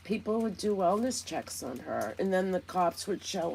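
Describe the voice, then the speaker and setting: A woman's voice: fairly low pitch, sing-song, normal speed, creaky, hardly any pauses, darkish tone, breathy edge. A woman hosting a casual commentary vlog, talking in a chatty, indignant, gossipy way. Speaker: commentary channel host.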